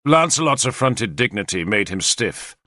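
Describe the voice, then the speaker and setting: A male audiobook narrator tells the story in the first person with a very animated, rising and falling delivery. His voice is bright and forceful, recorded dry and close with no room sound. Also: on the low side, moderate pace, no echo. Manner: expressive, lively storytelling.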